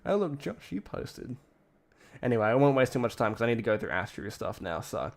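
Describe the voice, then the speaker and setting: A man's voice: mid-range voice, very animated, a little fast, creaky. An Australian man streaming from a home setup, talking casually in a rambling, profane way that keeps breaking off mid-thought. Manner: rambling, profane, self-interrupting. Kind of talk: casual live-stream commentary.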